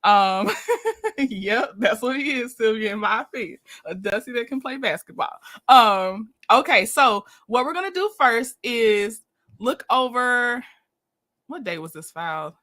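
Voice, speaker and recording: A woman's voice: on the high side, big pitch swings, measured pace, fairly bright tone. A woman hosting a casual livestream, chatting and greeting viewers by name, laughing often, then reading through documents. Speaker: livestream host.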